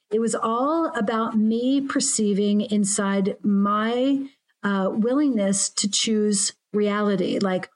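Woman guest coach, reflective and earnest, casual chat. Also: mid-range voice.

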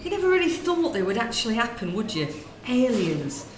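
A woman's voice: on the high side, very animated, fairly quick, slight background noise, pitched above the performer's own voice. Woman doing a gossipy shopkeeper. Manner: chatty, nosy and cheeky. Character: gossipy middle-aged northern shopkeeper woman. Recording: roomy room sound.

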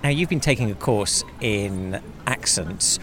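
A man's voice: fairly low pitch, animated, measured pace. Male podcast host, curious and playful, faint background noise. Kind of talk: podcast narration and interviewing.

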